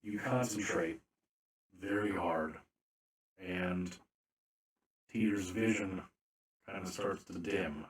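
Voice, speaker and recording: A man narrating a tabletop game as game master, slow and deliberate with frequent fillers. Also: low voice, roomy sound.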